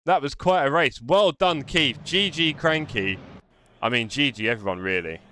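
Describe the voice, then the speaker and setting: A man's voice: mid-range voice, moderate pace, pushed and bright, no room sound. A man hosting a live sim racing stream, chatting and congratulating drivers after the race. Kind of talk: live race commentary and chat. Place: home sim racing setup.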